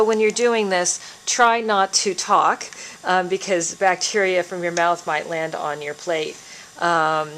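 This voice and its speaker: A woman giving a calm, step-by-step biology lab demonstration as an instructor. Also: lowish voice, a little hiss or hum.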